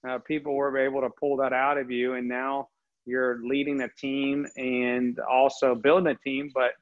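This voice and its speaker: A man's voice: mid-range voice, level tone, moderate pace. A man hosting a casual interview, upbeat and encouraging, asking long rambling questions. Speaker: host. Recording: slightly dull lo-fi audio.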